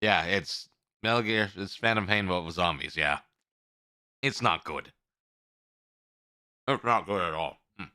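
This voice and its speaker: A man's voice: deep voice, a little slow, long pauses, clean tone, no room sound, clean studio sound. A man streaming and chatting casually, rambling and talking with his mouth full. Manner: rambling, animated, eating while talking.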